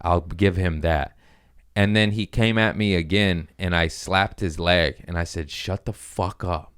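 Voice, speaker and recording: A man's voice: low-pitched, a little slow, a bit bright, smooth. A man hosting a podcast, casually telling a rambling, profane story about his comedy gig.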